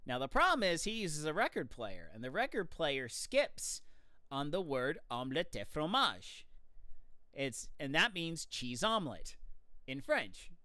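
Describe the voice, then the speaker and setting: An enthusiastic streamer tells a story in casual live-stream chat. The pitch swings widely, and the bright, clear voice carries a lot of energy. The sound is close and dry. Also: big pitch swings, a little slow, no room sound.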